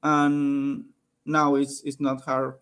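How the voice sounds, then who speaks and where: Slow, halting man. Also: mid-range voice, monotone, crowd noise. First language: Spanish. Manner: halting, searching for words. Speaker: English student. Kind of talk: casual online English lesson. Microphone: video call.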